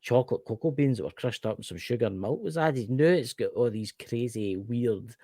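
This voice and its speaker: A man's voice: medium pitch, lively intonation, a little fast, mellow, no echo. A Scottish man co-hosting a casual chat show, ranting animatedly and swearing freely. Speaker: podcast co-host.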